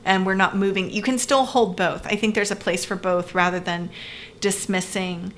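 Woman, pastor, co-host, middle pitch, earnest explanatory talk, faint background noise. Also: fairly even intonation, normal speed, fairly bright tone. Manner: earnest, explanatory, frequent "right?" checks. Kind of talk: conversational podcast discussion.

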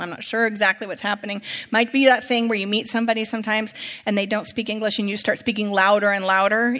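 A woman's voice: mid-range voice, fairly bright tone. A woman preacher giving a sermon in a church, reading scripture and breaking into casual, conversational asides. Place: church sanctuary. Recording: long reverb of a large hall.

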